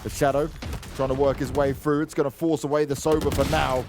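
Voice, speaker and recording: A man calls an esports match with quick, excitable play-by-play commentary at a middle pitch. He cracks jokes with his partner between rounds. Gunshots and game sounds clatter loudly behind him. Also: background noise. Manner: excitable, joking banter with co-caster. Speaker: esports caster.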